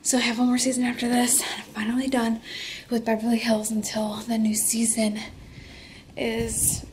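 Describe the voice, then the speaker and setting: A young woman vlogging at home in casual chat, out of breath and talking in a breathy half-whisper. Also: fairly high pitch, flat delivery, moderate pace, a little mellow, a little hiss or hum. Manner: rambling, chatty.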